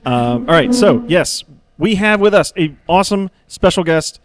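A man's voice: sits high, lively intonation, moderate pace, no echo. A man hosting a casual podcast, laughing often and tripping over his words. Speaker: podcast host.

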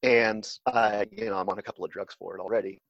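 A man's voice: on the low side, steady tone, quick pace, gravelly, no echo. A man talking casually as an interview guest, hesitant and full of fillers and restarts, heard on a dull, slightly lo-fi recording. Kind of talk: casual conversation.

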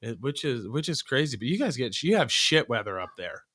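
A man's voice: medium pitch, sing-song, brisk, fairly bright tone, slightly rough. A man from Oregon in casual chat, loose and profane, often repeating words as he starts a thought.

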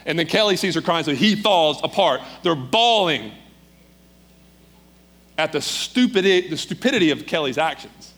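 A man preaching, telling a story in a lively, dramatic way. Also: fairly high pitch, moderate pace. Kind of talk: sermon storytelling.

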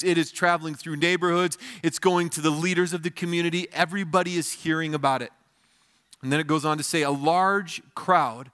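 Bright-voiced man preaching a sermon. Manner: explains scripture in plain, conversational terms; prays in a softer, lower voice. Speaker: pastor. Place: church.

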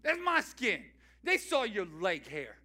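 A man's voice: high-pitched, huge pitch swings, takes it slowly, sharp tone, pitched below the performer's own voice, exaggerated voice. A man voicing a scolding, indignant queen. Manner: scolding, sassy.

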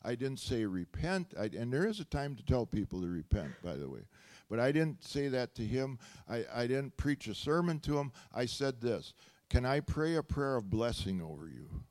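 Male preacher, mid-pitched voice, animated sermon storyteller, laughs and builds to loud praise. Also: normal speed.

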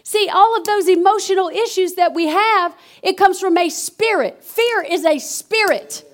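A woman preaching a lively sermon with a very high voice. She calls out to the room with exclamations and keeps an energetic, call-and-response rhythm. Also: a little slow.

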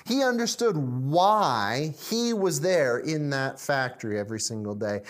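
Man telling a sermon story. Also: fairly high pitch. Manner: animated, repetitive, dramatic pauses.

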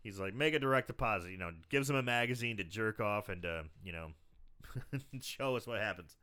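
A man co-hosting a podcast, casually retelling a film's scenes with animated storytelling. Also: lowish voice, normal speed, clear, resonant tone. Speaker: podcast co-host. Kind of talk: casual movie recap chat.

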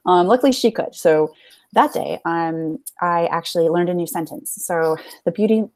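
A young American woman with a slightly low voice tells stories in a bubbly, chatty way and laughs often. Her voice sounds dry and close, with no room around it. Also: moderate pace, darkish tone, no echo. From United States. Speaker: podcast guest. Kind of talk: casual chat.

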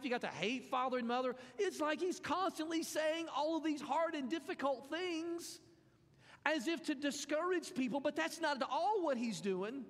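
A man preaching a sermon in a folksy, animated way, tossing in acted asides. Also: extremely high pitch. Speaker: pastor. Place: church sanctuary. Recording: church hall with long reverb.

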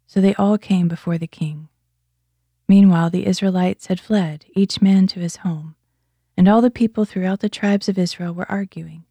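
A woman reading scripture aloud in a steady, expressive way, lifting her voice for quoted speech. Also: mid-range voice, normal speed, no room sound. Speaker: Bible reader.

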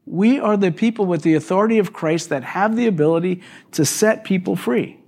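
A male pastor giving a live church sermon, telling the story in a conversational, animated way. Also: high-pitched, fairly quick, gravelly. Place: church service.

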